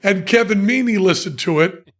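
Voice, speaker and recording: A podcast host with a high voice, speaking at a normal pace, tells a funny story with lots of animation. He keeps breaking into laughter partway through his sentences.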